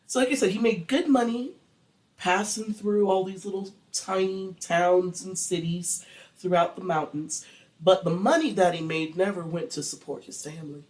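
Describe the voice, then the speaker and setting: A woman's voice: on the low side, normal speed, darkish tone, low-quality recording. A woman co-hosting a true crime podcast, telling the story in casual chat, swearing now and then and slipping into a Southern drawl.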